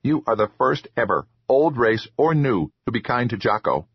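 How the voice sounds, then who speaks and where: A man voicing a small, excitable, childlike male troll who talks about himself in the third person in a high, eager voice. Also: normal speed, breathy edge, no echo, highs cut off.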